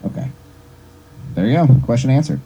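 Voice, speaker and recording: A man's voice: medium pitch, expressive, brisk, mellow, low-quality recording. A man hosting a casual podcast, dryly reading out questions for his guest. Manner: dry, reading out listener questions. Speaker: podcast host asking questions.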